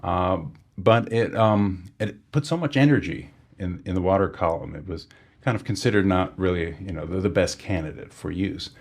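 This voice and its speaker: A man with a very low, gravelly voice talks through technical history in a relaxed podcast conversation. His tone is husky and a little rough. He pauses often with fillers and restarts his sentences as he explains. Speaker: sonar engineer guest.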